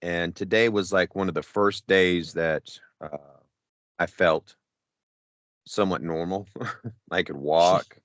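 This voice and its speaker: A middle-aged man with a very deep voice tells a rambling, profane story on a casual podcast. He acts out what everyone said along the way. The close mic sounds dry, with no room around it. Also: steady tone, slow, pauses often, fairly bright tone, dry recording. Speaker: podcast co-host.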